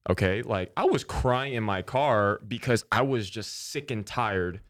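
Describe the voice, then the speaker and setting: A man's voice: lowish voice, expressive, unhurried, a bit bright. A man co-hosting a casual chat, talking earnestly and calling his guest bro.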